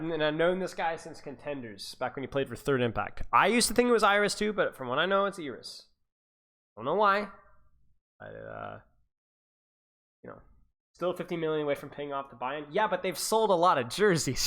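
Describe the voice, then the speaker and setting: A man's voice: on the high side, big pitch swings, a little fast, fairly bright tone. A man and esports coach chatting casually on a livestream, rambling, repeating himself and laughing to his viewers. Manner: talks to chat viewers.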